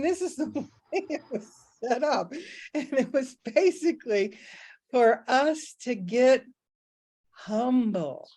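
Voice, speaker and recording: A woman's voice: on the high side, a little mellow. A middle-aged woman giving a casual spiritual talk, candid and self-mocking, telling stories from her own life and laughing often. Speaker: spiritual teacher.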